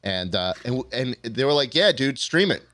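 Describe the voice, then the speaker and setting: A man's voice: mid-range voice, sing-song, normal speed, sharp tone. A young man co-hosting a podcast in casual chat, offhand and wry. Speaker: podcast co-host.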